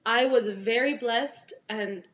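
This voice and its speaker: A young woman talks about her dance career in a relaxed, animated way, acting out the people in her stories. Her voice sits a little high. The room around her is echoey. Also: slow. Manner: animated storyteller, acts out quoted voices. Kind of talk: casual interview chat.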